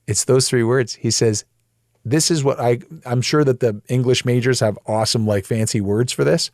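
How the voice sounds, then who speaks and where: A man of middle pitch teaches scripture in a relaxed, conversational way, leaning hard on his key points. His voice sits close and dry, with no room around it. He talks plainly, like he's explaining things across a table. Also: moderate pace, dry recording. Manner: emphatic, plain-spoken, animated when making a point. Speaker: Bible teacher. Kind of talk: conversational Bible study teaching.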